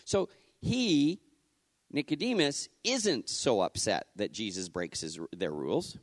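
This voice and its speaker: Animated man preaching a casual sermon. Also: mid-range voice, slow pace, no room sound, studio quality. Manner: animated, casual, acts out the scripture quotes. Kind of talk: conversational sermon.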